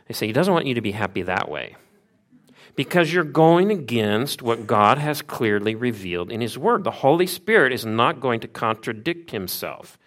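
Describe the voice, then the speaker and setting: A man with a lowish voice preaching a sermon. He talks in an earnest, conversational way and repeats key phrases for emphasis. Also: fairly bright tone. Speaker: pastor.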